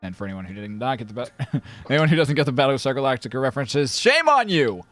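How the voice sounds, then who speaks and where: Brief: playful male dungeon master, mid-pitched voice, casual online game night. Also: racing, no echo, faint music behind. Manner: playful, theatrical. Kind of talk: casual tabletop game chat.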